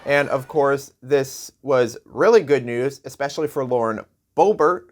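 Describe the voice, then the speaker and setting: A man's voice: medium pitch, measured pace, a little hiss or hum. A man hosting a late-night comedy show, delivering a sarcastic news monologue and laughing at his own jokes.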